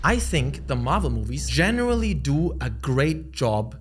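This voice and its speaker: A man reviewing a film in a casual video, playful and jokey with animated asides. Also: mid-range voice, measured pace, slight background noise.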